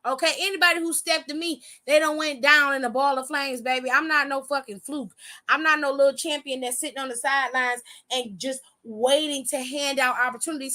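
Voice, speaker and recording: A woman's voice: high voice, steady tone, a little fast, sharp tone. A woman hosting a casual wrestling recap, talking in a sassy, profane, slangy way.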